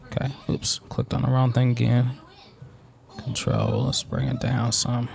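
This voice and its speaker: Man talking through a software tutorial. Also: mid-range voice, sing-song, measured pace, creaky. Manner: thinks aloud, loose and informal. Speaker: tutorial host. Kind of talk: screen-recorded software tutorial.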